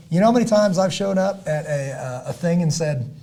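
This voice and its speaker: A middle-aged man with a dark, husky voice talks on a podcast in a preachy, motivational way. He hammers his points by repeating them, swings from loud bursts to low, quiet endings, and keeps clearing his throat. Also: expressive, fairly quick. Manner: emphatic, repetitive, builds to loud peaks then drops low. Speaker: podcast host and former Navy SEAL.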